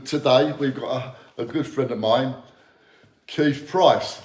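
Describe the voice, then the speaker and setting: A man's voice: mid-range voice, slow pace. A man, a former doorman, chatting bluntly and swearing freely as he prompts a friend and introduces a guest. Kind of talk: casual chat. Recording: echoey room.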